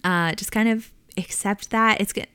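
Woman host, thirties, conversational and chatty; smooth, dry studio sound. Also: mid-range voice, fairly even intonation, moderate pace, no room sound. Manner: warm conversational with frequent fillers and laughs. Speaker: podcast host. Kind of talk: casual advice talk.

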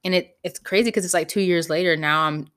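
Young woman, podcast host, low voice, casual storytelling, candid, animated, swears. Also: brisk.

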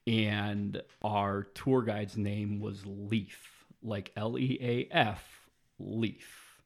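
A man's voice: lowish voice, little pitch movement, drawn-out words, creaky. A man in his twenties telling a travel story in a rambling, casual way, full of fillers and the odd swear word.

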